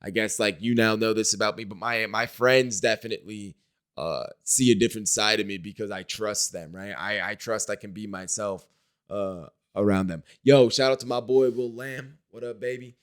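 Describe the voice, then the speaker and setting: Rambling young man with a smooth voice. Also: on the low side, steady tone, normal speed, a bit bright. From Wisconsin, US. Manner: rambling, slangy, frequent "like" and "you know". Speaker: vlogger. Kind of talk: casual diary vlog to camera. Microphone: talking to a camera.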